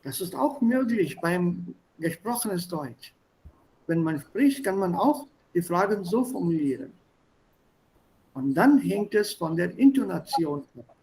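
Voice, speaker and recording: High-voiced man teaching German. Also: lively intonation, a little slow, a little mellow, a little hiss or hum, rough recording. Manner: explanatory, mixes English, German and Hindi. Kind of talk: online language lesson. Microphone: video call.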